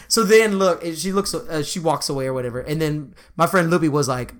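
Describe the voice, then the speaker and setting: A man's voice: on the high side, brisk, hardly any pauses. Laughing, swearing young man spinning a story. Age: 20s. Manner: animated, laughs through his stories, swears freely. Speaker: podcast co-host. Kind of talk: casual storytelling chat.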